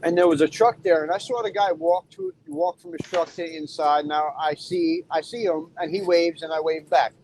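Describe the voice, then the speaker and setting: A man's voice: on the high side, normal speed, hardly any pauses, darkish tone, a little hiss or hum, poor audio. A man who drives a truck, telling a blunt, profane story in casual talk from inside his cab. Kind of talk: casual storytelling while driving.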